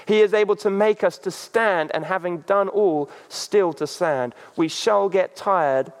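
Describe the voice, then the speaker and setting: A man preaching a sermon as a pastor, halting, with many fillers. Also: high voice. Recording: long reverb.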